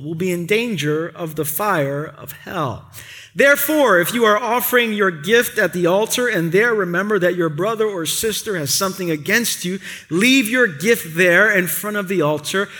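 A pastor from Brooklyn, preaching a sermon in a lively, conversational storytelling way. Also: male voice, high voice. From Brooklyn, New York. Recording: long reverb of a large hall.

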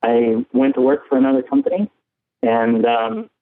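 A man from San Diego calling in to a show, halting, with many ums and nervous laughs. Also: a little high, sing-song, vocal fry, slight background noise. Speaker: caller. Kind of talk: casual call-in chat. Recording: phone line.

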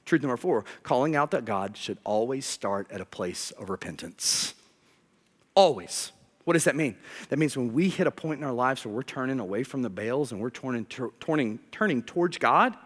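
A man preaching a sermon, firing rhetorical questions and dropping to a near hush when reading scripture. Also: mid-range voice. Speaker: pastor. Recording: long hall reverb.

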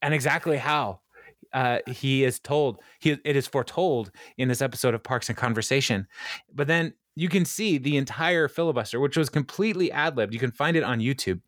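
Man, podcast co-host, casual chat, jokey, mid pitch, dry close sound. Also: a little fast, no echo. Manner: playful, jokey, with mock speeches.

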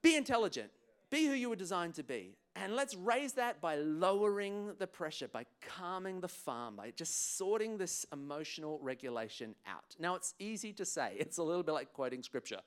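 A man, a clinical psychologist, giving a playful, animated conference talk on emotional health. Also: on the high side, a little fast. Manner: animated, playful, acts out voices. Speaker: guest speaker, clinical psychologist.

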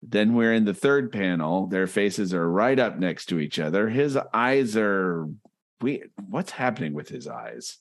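A man's voice: on the low side, very animated, a little slow. A man co-hosting a comedy podcast over a call, sarcastically describing comic strip panels with frequent restarts. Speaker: podcast co-host. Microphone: remote call.

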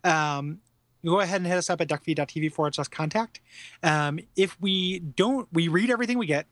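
A man's voice: fairly high pitch, fairly quick, fairly bright tone, no room sound. A man co-hosting a podcast in casual chat, rambling with many fillers and restarts. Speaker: podcast co-host.

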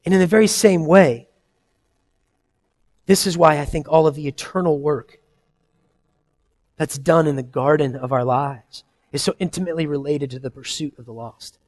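A man in his thirties preaching a sermon, earnest and conversational, swinging between loud emphasis and soft, quiet asides. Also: fairly high pitch, moderate pace, long pauses. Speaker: pastor.

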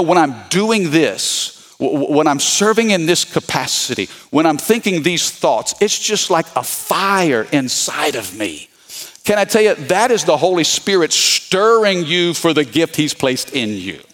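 Lively, emphatic preaching pastor, a man. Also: a little high, measured pace. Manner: preaching with calls to the congregation; emphatic, repeats key points. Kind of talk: sermon.

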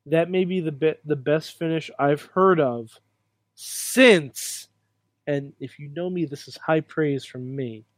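A man's voice: on the high side, dry recording. A male co-host in a studio, teasing and joking in a mock-stern tone during casual chat.

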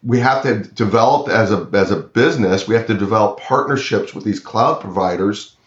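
A man's voice: lowish voice, fairly quick, roomy sound, lo-fi sound. A man talking about cloud security as an interview guest from his home, earnest and often repeating words as he speaks. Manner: earnest, repeats words, quotes imagined clients. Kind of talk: remote interview.

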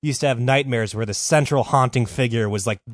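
A man's voice: medium pitch, fairly quick, dry recording, clean studio sound. A man hosting a podcast, telling a history story in a loose, profane, rambling way with lots of fillers. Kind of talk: casual comedic storytelling.

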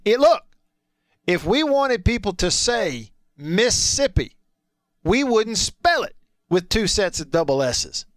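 A man's voice: sits high, very animated, takes it slowly, no echo, studio quality. A man hosting sports talk radio, reading listener texts in a chatty, teasing way.

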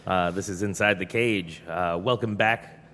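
A man's voice: sits low, a little slow, a bit bright. A man hosting a podcast, welcoming listeners in an easygoing, loose way. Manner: easygoing, loose, filler-heavy. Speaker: podcast host. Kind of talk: casual podcast chat. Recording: reverberant room with faint background noise.

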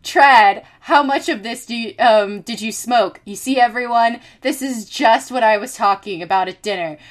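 A woman's voice: fairly high pitch, moderate pace, natural voice. A woman playing a boisterous older male politician with a Brooklyn accent, bellowing to a party crowd. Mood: lecturing. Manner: bellowing, rowdy.

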